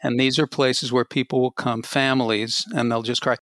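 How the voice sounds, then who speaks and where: A man's voice: medium pitch, little pitch movement, moderate pace, fairly bright tone, no room sound. A man hosting a talk show, joking in a wry, casual way as he introduces a guest. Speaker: host.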